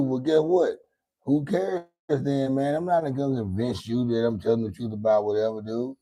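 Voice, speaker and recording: A man's voice: mid-range voice, steady tone, moderate pace, warm tone. A middle-aged man hosting his own podcast, rambling casually and profanely and taunting a viewer in the chat. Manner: rambling, profane, taunting and singsong toward a chatter. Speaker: podcast host. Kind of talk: casual livestream talk answering chat.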